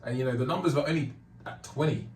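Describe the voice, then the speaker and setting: A man's voice: medium pitch, fast, a little mellow. A man hosting a casual podcast, chatty and laid-back with slangy phrasing. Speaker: podcast host. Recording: roomy, slightly distant, faint noise.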